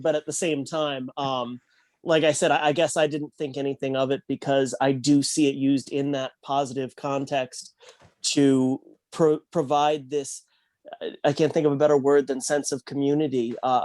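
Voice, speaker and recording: A man co-hosts a podcast, with a voice of average pitch. He speaks earnestly, stopping and restarting his words, in dry, close audio. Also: darkish tone, dry recording. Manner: earnest, halting with repeated words. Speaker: podcast co-host. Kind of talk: casual roundtable discussion.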